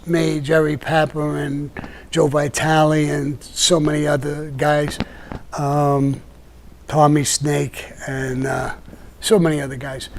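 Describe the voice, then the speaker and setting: Older male guest, Brooklyn accent, meandering raconteur, slightly higher-pitched voice. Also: slight background noise. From Brooklyn, New York. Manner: rambling, with many restarts and "you know". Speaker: podcast guest telling stories. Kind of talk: casual storytelling chat.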